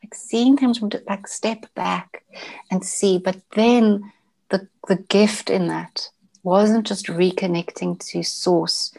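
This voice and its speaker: A woman, sharing a personal story as an interview guest in a casual, halting way, often restarting and repeating words. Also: medium pitch, steady tone, gravelly, darkish tone.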